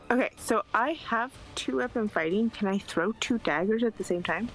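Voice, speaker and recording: A woman playing a tabletop game, double-checking her moves with soft asides. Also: medium pitch, moderate pace, few pauses, soft background music, low-quality recording. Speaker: player. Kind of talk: casual tabletop game play.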